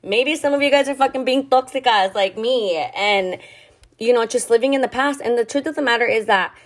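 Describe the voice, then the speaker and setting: A woman's voice: fairly high pitch, brisk. A young woman hosting a podcast, telling a personal story in a candid, confessional way, swearing often and filling her talk with "like.". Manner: candid, heavy swearing and filler "like". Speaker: podcast host.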